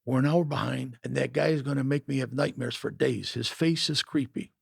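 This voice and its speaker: A man voicing a weary, exasperated male partner who complains in a raspy voice. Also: medium pitch, brisk, dry recording, clean studio sound. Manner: exasperated, sighing.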